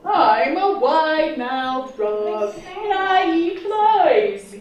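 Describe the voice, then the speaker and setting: A woman voicing a boastful male frog with a huge mouth, in a slow, loud, drawn-out deep voice. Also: big pitch swings, slight background noise, full character voice. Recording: echoey room, from far off, children around.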